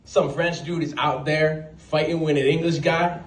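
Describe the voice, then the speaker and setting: A man performing a stand-up comedy set at an open mic, telling stories with quick asides. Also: on the high side. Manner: animated storytelling with quick asides and put-on voices. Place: small venue at an open mic night. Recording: roomy sound, voice from a distance, faint background.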